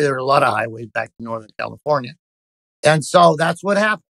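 A man's voice: fairly high pitch, animated, fairly quick, vocal fry, fairly bright tone, no room sound. A man, a pastor, telling a personal story in an interview, speaking intensely and emphatically with frequent restarts.

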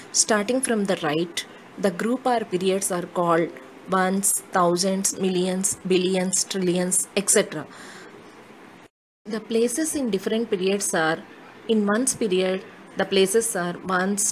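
Woman, math teacher, slow deliberate counting, faint background noise. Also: medium pitch, low-quality recording. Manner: slow, deliberate reading of numbers. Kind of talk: classroom lesson.

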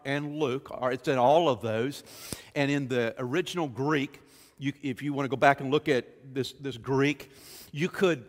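A male Baptist pastor preaching a sermon, emphatic and building to forceful peaks. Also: mid-range voice. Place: church sanctuary. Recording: church hall reverb.

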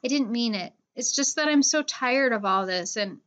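A woman's voice: on the high side, animated, moderate pace, a bit bright. Woman reading as an anxious young boy. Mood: worried. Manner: worried, questioning. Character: anxious younger boy who looks up to his friend.

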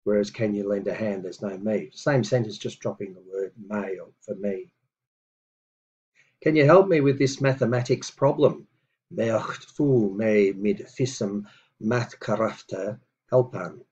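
A man teaching a language lesson on video, explaining patiently with many fillers and reading example phrases slowly. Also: lowish voice, darkish tone, lo-fi sound.

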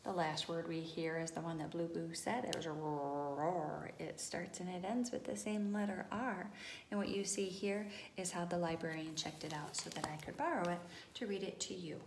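A woman reading a picture book aloud to preschoolers, expressive and sometimes hushing to a whisper. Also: fairly low pitch, a little fast, noisy background. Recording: roomy echo.

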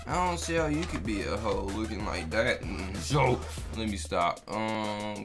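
A young man giving casual gameplay commentary, loud and excitable, yelling at the game and swearing freely in slang. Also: fairly low pitch, unhurried, over music. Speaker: gaming YouTuber.

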